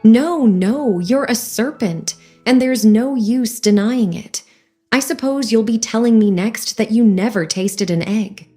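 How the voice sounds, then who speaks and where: A woman voicing a fretful, suspicious female pigeon with a shrill, indignant manner in a storybook reading. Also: measured pace, mellow, soft background music, lightly acted. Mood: contemptuous.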